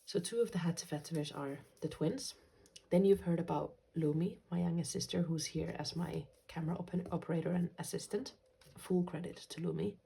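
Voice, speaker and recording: A woman from Finland hosting a journaling vlog, talking softly and gently in a casual way and dropping into quiet whispers. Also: low voice, brisk, vocal fry, few pauses, slightly rough. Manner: soft-spoken, gentle, slips into quiet whispers. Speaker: journaling channel host.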